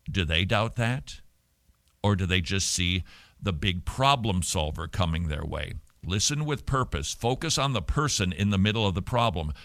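Earnest, bright-voiced man teaching. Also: dry recording, clean studio sound. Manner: earnest, emphatic, animated with sudden rises in pitch. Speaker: Christian teacher on biblical counseling. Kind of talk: teaching talk to parents.

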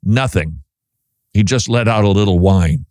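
A man's voice: on the low side, a little slow, mellow, no echo, studio quality. A middle-aged man hosting a casual Christian talk show, chatty with wry asides, sometimes stumbling over his words. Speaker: podcast host.

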